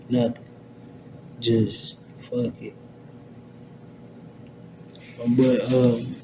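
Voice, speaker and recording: Young man ranting in slangy profane talk. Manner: slangy and profane, rambling with many fillers. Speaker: vlogger. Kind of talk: casual rant to camera. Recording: steady low rumble in background.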